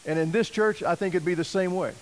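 A man preaching a sermon, telling a story in a folksy, animated way and acting out quoted voices. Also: high-pitched, quick pace, a little hiss or hum, rough recording. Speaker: missionary preacher.

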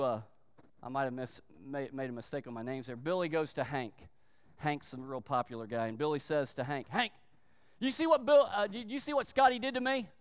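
A male pastor preaching a sermon in an emphatic manner, slowing down to stress points and briefly acting out quoted voices. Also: fairly high pitch, smooth, in a large hall.

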